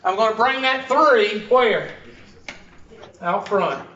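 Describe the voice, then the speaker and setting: A high-pitched man with a drawl teaches a math class, cracking jokes and firing questions at his students. He is picked up from across an echoey classroom, and the sound is muffled with a faint hiss. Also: expressive, slow pace, pushed and bright, distant mic. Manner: joking, teasing, quizzes the class. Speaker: math instructor. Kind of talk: classroom lecture.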